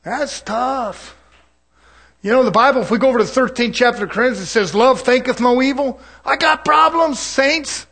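This pastor's folksy sermon weaves jokes and laughter through scripture, alternating soft asides with fervent, loud preaching. He speaks at a moderate pace in an extremely high voice with vocal fry.

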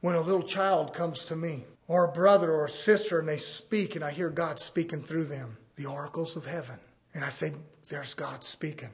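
A man delivers a sermon in a high, husky voice. He talks in a folksy way and swings between quiet, intimate asides and loud, fervent climbs. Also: moderate pace. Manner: preaching with surges from hushed to shouting; folksy, uses "ain't". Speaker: preacher.

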